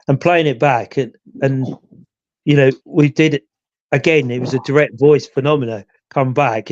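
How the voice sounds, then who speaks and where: With a medium-pitched, slightly mellow voice, a regular on a live chat show rambles through his story of a ghost investigation, filling it with "you know" asides. He's a ghost hunter. The recording is dry and muffled.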